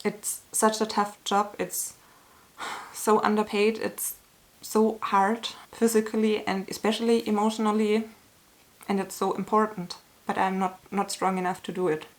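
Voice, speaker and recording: A woman chatting to her camera in a candid, earnest vlog. She picks her words slowly, with small restarts, and lets feeling show through now and then. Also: medium pitch, level tone. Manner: earnest, candid, sometimes emotional and softly laughing; slow, searching phrasing with small restarts. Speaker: YouTuber answering a tag. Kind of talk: casual talk to camera.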